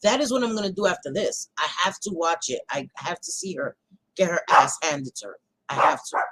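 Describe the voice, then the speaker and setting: A woman's voice: low-pitched, fairly quick, breathy edge, dry recording, low-quality recording. Blunt, swearing woman host, dry sound. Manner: blunt, frank, swears freely; animated, reacts out loud. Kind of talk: casual talk-show chat.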